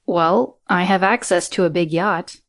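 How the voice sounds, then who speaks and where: Brief: female narrator doing a keen, chatty guy, lower register, audiobook. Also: a little slow. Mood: eager. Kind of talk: audiobook character reading.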